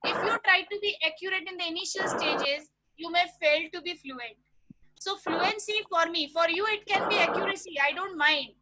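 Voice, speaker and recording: A woman with a very high voice gives an online lecture to teachers over a video call. She explains each point slowly and speaks straight to the participants. Loud noise sits under her voice throughout. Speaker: teacher trainer leading a webinar.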